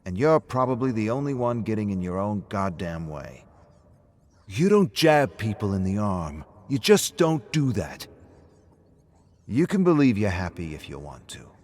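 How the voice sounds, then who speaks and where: A man plays a blunt pub owner who cares and keeps probing in a steady, low voice. He sounds level and direct. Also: a little slow. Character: blunt, caring male pub owner and friend.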